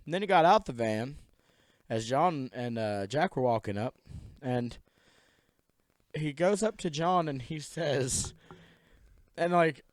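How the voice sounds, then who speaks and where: A young man co-hosting a casual podcast, spinning a rambling story and bursting into laughter as he acts out friends' lines in goofy voices. His voice sits a touch high and swings all over the place. The mic is close, with a dry sound. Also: expressive, takes it slowly, pauses often, no echo. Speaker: podcast co-host.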